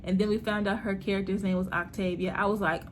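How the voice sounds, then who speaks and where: A woman hosting her own vlog, chatting about a TV series in a lively, slangy way and laughing often. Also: mid-range voice, fast, slight background noise. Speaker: host reviewing a TV series. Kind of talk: casual TV recap vlog.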